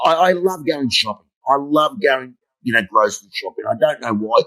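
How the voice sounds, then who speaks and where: A man's voice: mid-range voice, lively intonation, moderate pace, a bit bright, poor audio. A middle-aged man, a motivational speaker, telling blunt, humorous stories in an interview and swearing freely. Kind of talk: storytelling interview.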